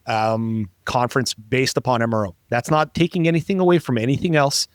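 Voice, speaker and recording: A man's voice: mid-range voice, steady tone, brisk, no room sound, studio quality. A man hosting a podcast in casual chat, joking around and rambling with plenty of fillers. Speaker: podcast host.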